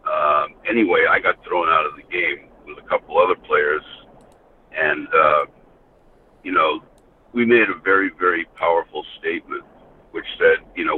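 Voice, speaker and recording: An older American man, a former hockey enforcer, tells rambling stories as a podcast guest, often saying "you know." His extremely low voice is sing-song at a moderate pace, heard over a tinny phone line with faint hiss.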